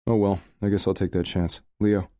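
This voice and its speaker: A man's voice: low-pitched, little pitch movement, moderate pace, mellow, clear, resonant tone, no echo, studio quality, lightly acted. A male narrator voicing a laid-back best friend who speaks bluntly and teasingly in an audiobook. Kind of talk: audiobook character voice.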